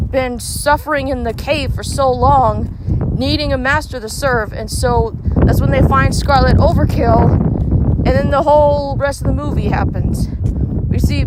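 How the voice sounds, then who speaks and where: A high-pitched woman talks in a loose, chatty way as she plays a mobile game, musing aloud about what might happen next. Heavy background noise sits under her voice throughout, with clicks and passing vehicles. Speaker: gaming vlogger. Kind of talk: casual speculative commentary while playing.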